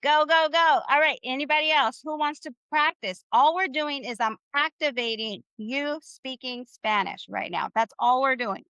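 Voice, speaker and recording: An upbeat Spanish teacher with a high, bright, clear and resonant voice leads a live online class, stretching phrases slowly so students can repeat them. The sound is close and dry as on a video call, with no echo, though the recording is muffled.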